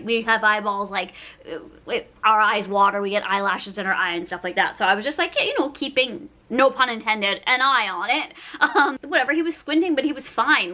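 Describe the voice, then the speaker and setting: Woman vlogger, high and bright voice, emotional and rambling, at home. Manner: emotional, rambling, says "like" a lot. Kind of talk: casual personal vlog.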